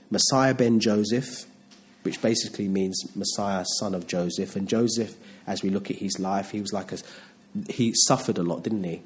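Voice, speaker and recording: A man's voice: lowish voice, normal speed. Conversational man preaching a Bible sermon. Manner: conversational, with many restarts and rhetorical questions.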